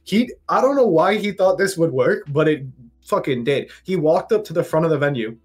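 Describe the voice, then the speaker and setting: A man's voice: on the high side, animated, fairly quick, breathy edge. A young man in casual conversation, telling gaming stories with many "like" fillers and swearing. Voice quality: heavy use of "like" fillers, profane. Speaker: competitive gamer. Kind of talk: casual chat.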